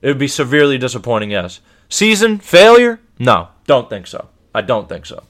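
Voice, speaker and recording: A man giving a casual, emphatic sports commentary monologue as a show host, full of rhetorical questions and repetition. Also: fairly high pitch. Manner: animated, emphatic, repeats himself, rhetorical questions.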